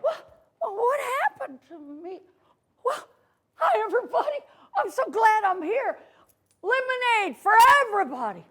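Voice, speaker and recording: Animated woman storyteller with cowgirl twang. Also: very high-pitched, unhurried, pauses often. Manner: folksy cowgirl persona, call-and-response with children. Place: library story room with children.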